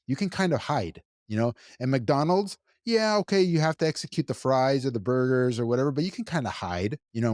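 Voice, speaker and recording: A man's voice: medium pitch, a little mellow, no room sound, studio quality. A man co-hosting a podcast, talking emphatically, repeating his points and swearing freely. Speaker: podcast co-host. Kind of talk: casual podcast talk.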